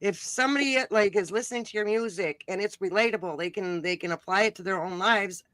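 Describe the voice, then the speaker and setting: A woman's voice: medium pitch, quick pace, a bit bright, dry recording. Easygoing woman hosting a chat show. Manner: easygoing, many fillers and restarts. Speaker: talk show host. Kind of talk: casual livestream chat.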